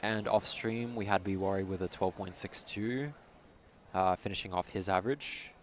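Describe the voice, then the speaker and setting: Low-voiced joking male co-commentator. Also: moderate pace, a little hiss or hum. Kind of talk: casual live co-commentary.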